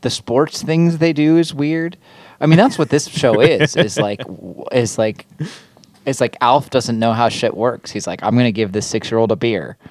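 A man's voice: mid-range voice, measured pace, dry recording. A man in casual comedy chat who rambles, full of fillers and restarts.

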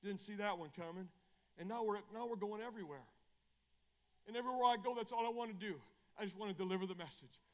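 A middle-aged male evangelist preaching fervently at a Bible study. He repeats phrases and restarts often, and shifts from loud bursts to low, confiding talk. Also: quick pace.

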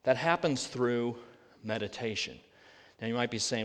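A pastor preaching a sermon, earnest and full of rhetorical questions, slowing down to read scripture aloud. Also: male voice, medium pitch. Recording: long reverb of a large hall.

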